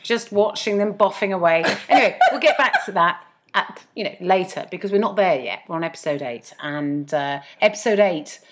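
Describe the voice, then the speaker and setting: Low-voiced woman, chatty and lively. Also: normal speed, a little hiss or hum. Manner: chatty, self-mocking, laughs often. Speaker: podcast co-host. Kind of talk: casual chat.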